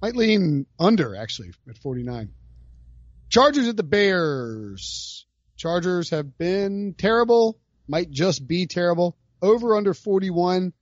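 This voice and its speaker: A man co-hosting a sports betting chat, brash and heated, calling picks with loud rising outbursts. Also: high voice, sing-song, measured pace, no room sound, highs cut off. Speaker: podcast co-host making picks.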